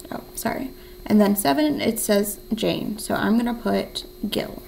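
Gravelly, slow-talking woman teacher. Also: mid-range voice, a little hiss or hum, poor audio. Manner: encouraging, thinking aloud while writing; counts syllables in a soft whisper. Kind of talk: remote writing lesson.

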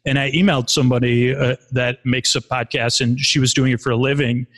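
A man's voice: mid-range voice, little pitch movement, fairly quick, a bit bright. A man in his forties telling stories candidly in a casual, rambling way, with many restarts and fillers, as a podcast guest. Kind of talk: casual conversational storytelling.

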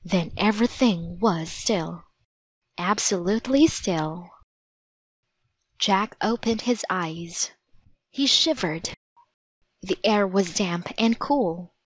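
Slow, measured storybook narrator, woman. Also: mid-range voice, no room sound. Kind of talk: storybook read-aloud. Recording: dry, slightly dull audiobook recording.

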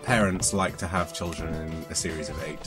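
Deep-voiced young man hosting a playthrough. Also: steady tone, a little fast. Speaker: let's play host. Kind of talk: casual gaming chat. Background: video game music.

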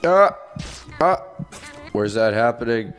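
A young man hosting a game video, commenting in an excitable, jokey way and laughing often. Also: medium pitch, slow pace. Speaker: gaming video host. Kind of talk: let's-play commentary.

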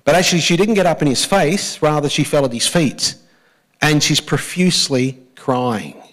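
An Australian man preaching a church sermon as pastor, speaking emphatically, slowing down and repeating key phrases, and leading the congregation in saying lines back. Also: a little high, a bit bright, rough recording.

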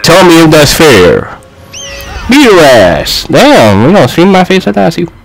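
A young man giving casual gaming commentary, trash-talking and shouting at a fighting game. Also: normal speed, gravelly, poor audio. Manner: excitable, shouts and trash-talks at the game, swings loud and high. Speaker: gaming YouTuber. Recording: faint music behind.

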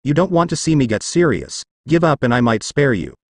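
A man voicing a calm, gentle, all-powerful grown man in a fan fiction audio story, speaking softly and soothingly. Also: mid-range voice, brisk, no echo, clean studio sound. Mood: cool warning. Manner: soft-spoken and soothing.

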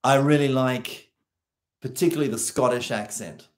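An Australian man talking in a relaxed conversational way. He tells anecdotes with energy and mimics the people he quotes. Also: medium pitch, moderate pace. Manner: animated storyteller, acts out quoted voices. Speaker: co-host. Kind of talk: casual chat.

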